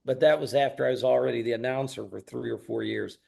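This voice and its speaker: Older guy in his 60s, gravelly voice, telling old stories, punchy emphasis here and there. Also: mid-range voice, fast talker. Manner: animated anecdotal storytelling with bursts of emphasis. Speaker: guest, wrestling announcer and promoter. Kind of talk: storytelling interview.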